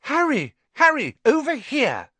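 A man voicing an eager, quick-talking young schoolgirl witch. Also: on the high side, wildly swooping pitch, a bit bright, slightly rough, dry recording, pitched above the performer's own voice, full character voice. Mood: excited. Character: bossy bright schoolgirl witch.

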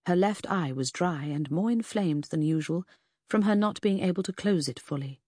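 A woman reading a first-person novel aloud in a measured, even storytelling way. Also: fairly low pitch, dry recording, studio quality. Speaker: audiobook narrator. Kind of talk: scripted first-person narration.

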